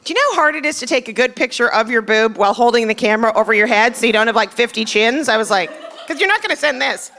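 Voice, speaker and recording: A woman's voice: a little high, very fast, few pauses, sharp tone. Self-mocking middle-aged woman comic. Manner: chatty, self-mocking, acts out dialogue. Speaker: stand-up comedian. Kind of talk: stand-up set. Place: comedy club stage. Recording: live club, crowd laughter and noise.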